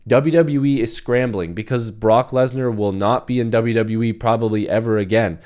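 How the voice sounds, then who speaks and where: A man's voice: mid-range voice, steady tone, moderate pace, a little mellow, clean tone. A man hosting his own channel, giving a passionate, emphatic opinion monologue in casual talk. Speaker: wrestling commentary channel host.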